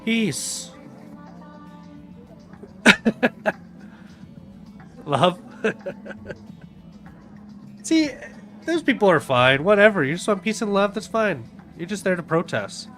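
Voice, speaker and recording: A man's voice: high-pitched, big pitch swings, takes it slowly, pauses often, sharp tone, soft background music. A man streaming a casual rant commentary over videos, blunt and profane, often sneering and laughing. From Canada.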